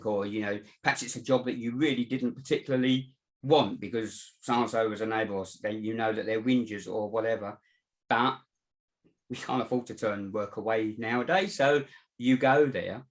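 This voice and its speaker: A man, a mindset coach, giving earnest advice in a casual chat and often saying "you know". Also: mid-range voice. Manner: earnest, advising, many "you know" fillers.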